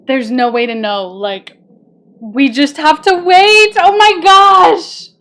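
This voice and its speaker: A young woman streaming a game at home, chatting casually and excitably with her viewers, breaking into squeals of joy. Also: high-pitched, takes it slowly. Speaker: gaming streamer. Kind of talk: casual live-stream chat. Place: home, moving to kitchen.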